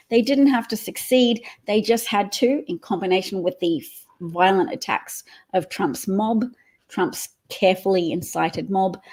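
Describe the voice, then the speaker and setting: Low-voiced woman explaining politics. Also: darkish tone. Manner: conversational, explanatory, with fillers. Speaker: political livestream host. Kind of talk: casual political commentary.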